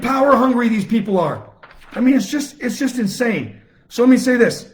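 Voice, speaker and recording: A man's voice: very high-pitched, very animated, normal speed. A man delivering an impassioned live-stream rant, with fiery, repetitive, emphatic outbursts. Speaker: political commentator on a live stream. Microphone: phone or webcam, self-recorded.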